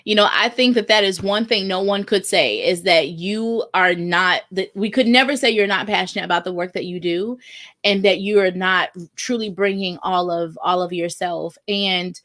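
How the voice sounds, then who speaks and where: A woman hosting a live online show who chats freely and keeps affirming her guest. Her voice sits in a middle pitch, and she stops to greet viewers who leave comments. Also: normal speed, fairly bright tone. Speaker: host.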